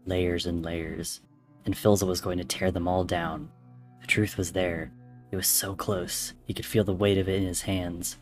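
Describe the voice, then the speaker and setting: Low-voiced guy reading a story aloud, measured and somber, soft music behind. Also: little pitch movement. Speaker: story reader. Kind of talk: audiobook narration. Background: faint music.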